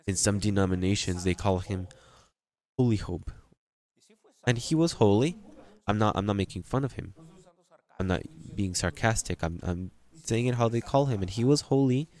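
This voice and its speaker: A man's voice: on the low side, normal speed, darkish tone. A man preaching a sermon with an accent, drawing out words and rising into emphatic bursts. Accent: non-native English. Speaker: pastor.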